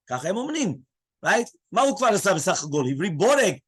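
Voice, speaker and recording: A man, a rabbi, giving a lively Torah class in English mixed with Hebrew terms. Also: high voice, racing, husky. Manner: animated teaching, mixing English with Hebrew terms.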